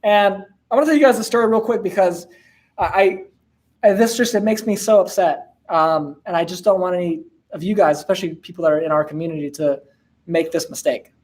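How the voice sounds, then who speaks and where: A man's voice: sits high, brisk, darkish tone. A man in his twenties hosting a casual live-stream Q&A, laid-back and slangy, with lots of fillers and laughs. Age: 20s. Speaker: host answering viewer questions.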